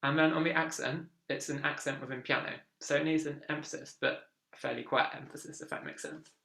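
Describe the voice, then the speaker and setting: Gravelly-voiced viola teacher, roomy echo. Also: medium pitch, steady tone, fairly quick, sharp tone. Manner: encouraging, counts in beats aloud. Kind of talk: online music lesson. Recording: echoey room with viola playing.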